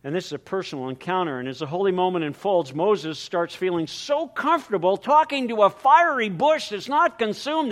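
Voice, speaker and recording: A male preacher delivering a sermon with a high voice that leaps all over its range. He swings from loud, dramatic emphasis to hushed, quiet lines. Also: expressive, a little fast, few pauses. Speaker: pastor.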